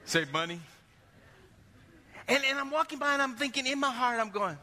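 A male pastor delivering a sermon, animated, rising to shouts and dropping low, recorded in a church sanctuary. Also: normal speed. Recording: long hall reverb.

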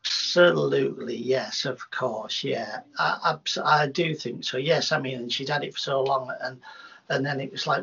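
A man, a hypnotherapist, telling rambling, animated anecdotes in a casual interview, with many restarts. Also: mid-range voice, normal speed, vocal fry, husky. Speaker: hypnotherapist guest. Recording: dull lo-fi sound.

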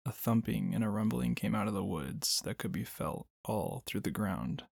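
A man narrating a storybook in a steady, measured way. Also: lowish voice, creaky, breathy edge, no room sound. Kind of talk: storybook reading.

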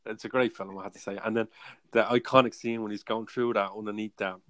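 A man hosts a casual podcast with a fairly low voice. He talks in a loose, chatty way and laughs easily. The sound is dry and close. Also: steady tone, fast talker, fairly bright tone, dry recording. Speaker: podcast host.

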